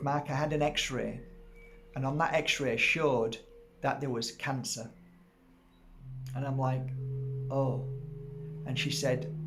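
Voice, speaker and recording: A middle-aged man telling a personal story in a casual, animated way, acting out what people said and laughing at himself. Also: mid-range voice. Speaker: crystal healer telling a story.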